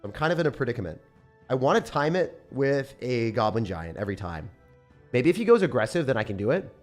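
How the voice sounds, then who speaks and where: A young man giving casual, excitable gameplay commentary, often breaking into disbelief and calling the listener dude or bro. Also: medium pitch, brisk, faint music behind. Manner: excitable, frequent disbelief outbursts, calls viewers dude and bro. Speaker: gaming creator.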